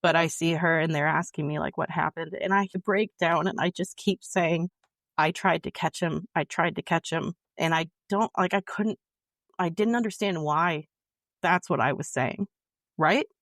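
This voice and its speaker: A woman's voice: sits low, normal speed, a bit bright, no room sound, studio quality. A woman, a podcast guest, telling a personal story in an earnest, emotional way that halts and restarts often.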